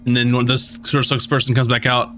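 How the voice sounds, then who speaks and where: A man's voice: mid-range voice, flat delivery, fast, pushed and bright, a little hiss or hum. A man narrating a tabletop game as game master, rambling with lots of fillers.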